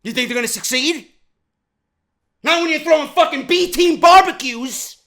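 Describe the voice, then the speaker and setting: A man from New York tears into a wrestling show in a profane rant. His voice sits very high and sounds sharp and bright, and he hammers the same questions again and again, rising to shouts. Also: moderate pace. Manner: profane, heated, repeats questions, often shouting. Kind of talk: ranting show review.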